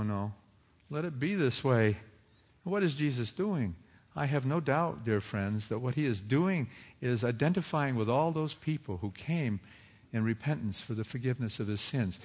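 A man's voice: medium pitch, slightly rough. Preacher man in a reverberant hall. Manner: rhetorical questions, swinging from hushed to rising fervor. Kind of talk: sermon.

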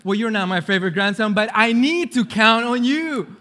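A doting, fussy old grandmother with a slight accent, put on by a man. She is raised well up in pitch and presses her point insistently. The voice rings with long hall reverb. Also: lively intonation, a little slow, darkish tone.

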